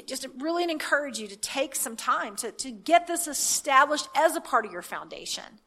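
A woman preaching a sermon, reading scripture aloud and then explaining it in a halting, conversational way. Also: fairly high pitch, fairly bright tone. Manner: halting, with many restarts and fillers; reads scripture aloud with emphasis.

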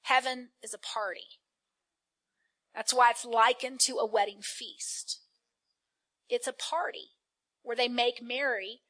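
Woman preacher, animated sermon delivery, fairly high voice, draws responses from the congregation. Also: slow pace, pauses often. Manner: lively, calls out to the congregation.

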